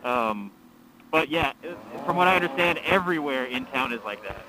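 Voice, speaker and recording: A young man chatting easily with his riding buddy, hesitant and relaxed. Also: mid-range voice, moderate pace, low-quality recording. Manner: easygoing, hesitant with fillers. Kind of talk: casual conversation.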